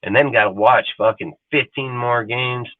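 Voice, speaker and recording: A man's voice: mid-range voice, moderate pace, no room sound. A man hosting a live sports talk show, ranting angrily and swearing constantly in a rambling way. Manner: angry, foul-mouthed, rambling. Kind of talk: profane live-stream rant. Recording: dry phone-like audio.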